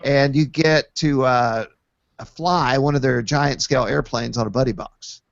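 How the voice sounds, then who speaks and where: A man's voice: medium pitch, fairly even intonation, unhurried, gravelly, no room sound. A man hosting a casual chat, joking and rambling with lots of fillers. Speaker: podcast host. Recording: dull lo-fi dry recording.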